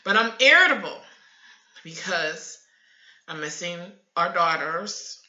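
Middle-aged woman host, candid and animated, bright tone, in an echoey room. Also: fairly low pitch, slow. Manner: open, confessional, animated storytelling. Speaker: host of a faith broadcast. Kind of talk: candid personal sharing. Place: at home in front of her computer. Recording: echoey room, muffled lo-fi audio.

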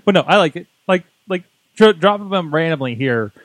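Animated male podcast host, bouncy high-ish voice, dry mic. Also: a little fast, no echo. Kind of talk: casual chat.

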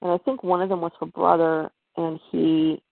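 A woman's voice: lowish voice, little pitch movement, moderate pace, vocal fry, dry recording. A woman as a podcast guest, telling a personal story in a hesitant way, full of fillers and restarts. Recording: tinny phone-like line.

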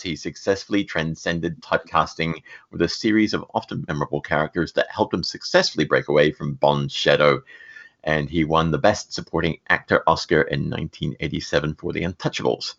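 A man's voice: low voice, vocal fry, a bit bright. A man co-hosting a podcast in casual chat, reading the news and laughing often between lines. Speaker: podcast co-host. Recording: dull lo-fi sound.

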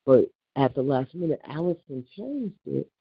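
A woman's voice: low-pitched, moderate pace, breathy edge, no echo, phone-quality sound. Older woman telling an indignant story. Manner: animated, indignant storytelling, acting out quoted dialogue. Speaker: caller. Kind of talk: casual phone call chat.

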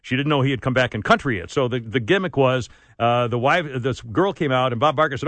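A man in his sixties hosting a radio talk show, telling rambling stories and giving away tickets with quick laughs. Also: mid-range voice, lively intonation, fairly bright tone, no echo. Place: radio studio. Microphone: studio microphone.

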